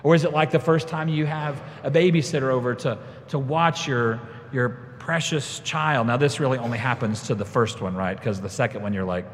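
A man's voice: mid-range voice, steady tone, a little fast, hardly any pauses, a little hiss or hum. A man preaching a sermon, telling a personal story and tying it to scripture, his voice rising when he quotes his younger self. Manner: storytelling, rises when quoting himself. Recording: long reverb of a large hall.

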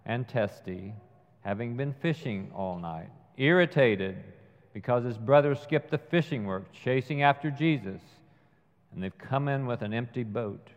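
A man preaching a sermon, retelling a film scene slowly and measuredly. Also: medium pitch. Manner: slow, measured storytelling with acted quotes. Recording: dull sound with long hall reverb.

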